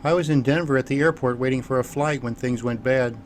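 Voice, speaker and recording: A man's voice: mid-range voice, fairly quick, a little hiss or hum, close to an everyday voice. A man voicing a young woman refugee musician with a mild Russian accent, speaking in a subdued, modest way. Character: young female refugee musician, soft-spoken and sad.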